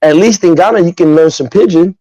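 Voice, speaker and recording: Man from Nigeria, podcast guest, casual chat, emphatic storyteller, slightly high voice, dry close sound. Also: a little fast, dry recording, muffled recording. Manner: animated, emphatic storytelling with frequent asides.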